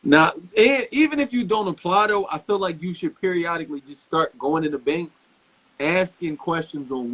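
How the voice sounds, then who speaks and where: Husky, slightly high-voiced male guest. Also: brisk, a bit bright, rough recording. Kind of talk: casual chat.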